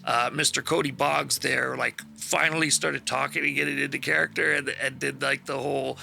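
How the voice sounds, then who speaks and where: A man's voice: mid-range voice, level tone, moderate pace, creaky, pushed and bright, faint music behind. A man hosting a stream, chatting casually after a game session and praising his fellow players with rambling enthusiasm and casual swearing. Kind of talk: casual post-session chat.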